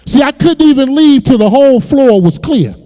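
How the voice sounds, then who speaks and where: A man with a very high voice preaches, telling his own story with emotion. He repeats words as he builds. His voice rings with a long reverb in a church sanctuary. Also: animated, normal speed, dark tone. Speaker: pastor. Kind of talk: sermon testimony.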